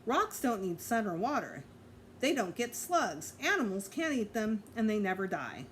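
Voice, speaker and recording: A woman's voice: mid-range voice, very animated, normal speed, a bit bright, a little hiss or hum. A woman voicing a playful, cheeky little boy who talks eagerly and chirpily.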